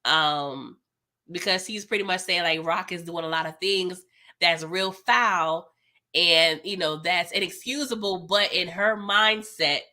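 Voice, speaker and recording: A young woman hosting a live TV episode recap, animated and slangy, laughing often as she reacts. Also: fairly low pitch. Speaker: TV recap host.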